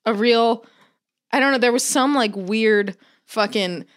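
Animated, foul-mouthed woman chatting. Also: on the high side, moderate pace, smooth. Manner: swears freely, animated, mimics people in quotes. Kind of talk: casual chat.

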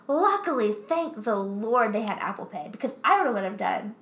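Young woman, bright tense voice, chatty and animated, casual swearing, echoey room. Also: mid-range voice, moderate pace. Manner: animated, swears often, laughs while telling. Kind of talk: casual storytelling chat. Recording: roomy echo.

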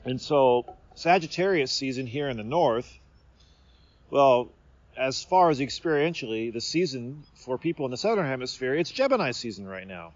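A man's voice: mid-range voice, expressive, normal speed, dry recording. A man from the Seattle area, hosting a podcast in a playful, meandering monologue outdoors under a tree, often stopping and restarting his thoughts. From Seattle area, USA. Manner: meandering, self-interrupting, playful. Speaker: podcast host. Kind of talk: rambling casual monologue. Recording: slightly dull recording.

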